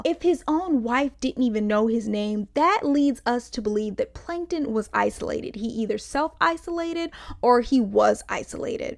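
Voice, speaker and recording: Young woman, comedic video-essay host, higher voice with vocal fry, sassy. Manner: animated, sassy asides between read-out passages. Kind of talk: comedic lecture commentary.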